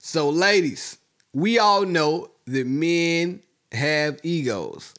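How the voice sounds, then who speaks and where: A man co-hosting a podcast, bantering playfully with his wife and defending himself in an animated way. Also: fairly high pitch, very slow. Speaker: podcast co-host. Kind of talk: casual couple's banter.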